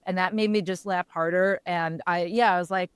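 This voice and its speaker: A woman's voice: on the low side, steady tone, moderate pace, clear, resonant tone, no echo. Chatty woman podcast co-host, dry sound. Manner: chatty, laughs while telling stories, self-correcting. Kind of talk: casual chat.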